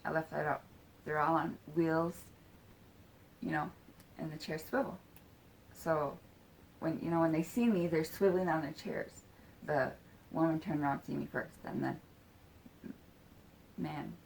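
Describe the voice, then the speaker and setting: A woman telling a personal story in a casual, halting way, full of fillers and swearing, acting out quoted lines and sometimes dropping to a whisper. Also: sits low, steady tone, vocal fry, slight background noise, rough recording.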